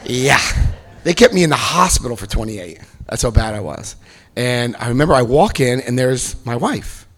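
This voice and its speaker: A middle-aged man giving a comic talk about his recovery, animated and breaking into loud acted-out quotes. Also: medium pitch, moderate pace. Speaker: speaker sharing his recovery story.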